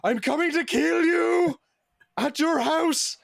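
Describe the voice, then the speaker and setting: A man's voice: very high voice, takes it slowly, vocal fry, fairly bright tone, no room sound, studio quality, voice pushed up, heavily acted. A man doing an impression of a wild male boxer character with a put-on Irish accent, screaming threats. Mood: manic threat. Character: manic shouting male Irish boxer persona.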